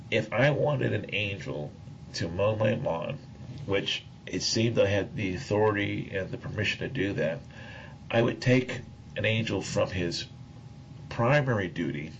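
Male preacher, gravelly low voice, chuckling tangents, lo-fi recording. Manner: rambling, searches for words, chuckles often. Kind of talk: sermon storytelling. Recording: dull lo-fi recording with faint noise.

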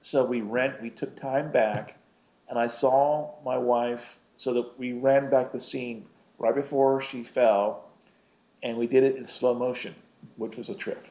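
A man's voice: mid-range voice, steady tone, unhurried, darkish tone. Rambling man telling a personal story. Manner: rambling, self-interrupting, chuckling between thoughts. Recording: dull lo-fi recording.

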